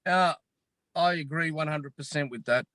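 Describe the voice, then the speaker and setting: An Australian man talks with fervent, deliberate emphasis, returning again and again to the same phrases. His voice sits high and bright. The sound is dry and close, with almost no room in it. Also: no echo, poor audio. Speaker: podcast guest. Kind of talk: impassioned podcast talk.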